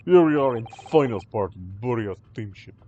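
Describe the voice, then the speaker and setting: A man's voice: medium pitch, expressive, moderate pace, warm tone, lo-fi sound, slight background noise, voice pushed down, natural voice. A man voicing a burly, hostile male sailor who speaks blunt, broken English. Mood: gruff. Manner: blunt, menacing, drops articles.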